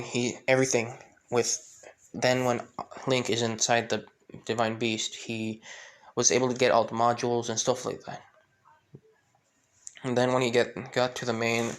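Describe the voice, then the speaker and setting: A man narrates a fan story in a rambling way, filling gaps with "pretty much" and restarts. His voice stays flat and level at a middle pitch. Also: clean tone. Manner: rambling, full of fillers.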